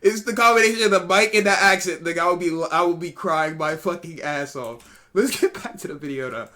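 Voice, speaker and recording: A man's voice: high voice, brisk, pushed and bright. A man streaming a reaction to videos, talking in a laid-back, slangy, amused way. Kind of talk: casual reaction commentary.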